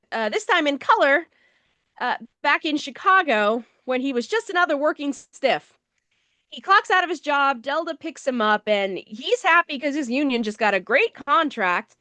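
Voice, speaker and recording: A woman's voice: sits high, bright, forceful tone, no room sound. A woman co-hosting a movie review show, recapping the plot in a casual, wry, sarcastic way. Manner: sarcastic, wry, swears offhandedly.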